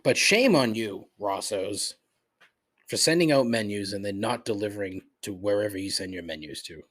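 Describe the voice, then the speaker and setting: On his solo comedy podcast about his gripes, a man with a lowish, fairly bright voice talks at normal speed. He works through a menu aloud, cursing a lot in a fed-up rant.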